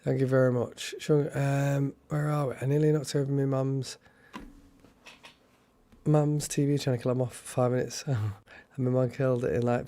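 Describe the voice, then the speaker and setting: A man hosting a casual live stream, chatty and excitable, thanking viewers by name. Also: mid-range voice, creaky.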